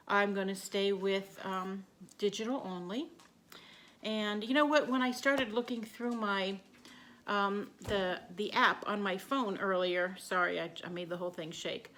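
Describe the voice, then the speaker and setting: Woman, casual vlog chat, rambling, mid-pitched voice. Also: a bit bright, slight background noise. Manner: chatty, rambling, with fillers. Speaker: vlogger.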